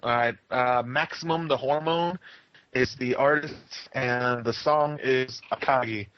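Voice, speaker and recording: A man's voice: mid-range voice, measured pace. Laughing, swearing man in lo-fi chat. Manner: swears a lot, laughs often. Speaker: podcast co-host. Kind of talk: casual review chat. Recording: dull lo-fi audio.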